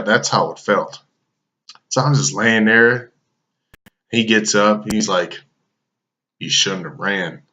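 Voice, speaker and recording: A man's voice: fairly low pitch, bright, forceful tone, dull audio. A man telling a casual anecdote, loose and full of swearing and fillers. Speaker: storyteller.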